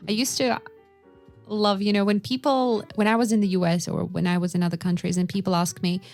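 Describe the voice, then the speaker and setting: A woman from Russia, co-hosting a casual podcast chat and telling lively anecdotes with quoted dialogue. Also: mid-range voice, a little fast, faint music behind. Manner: animated storyteller who acts out quoted dialogue. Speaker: podcast co-host, English teacher.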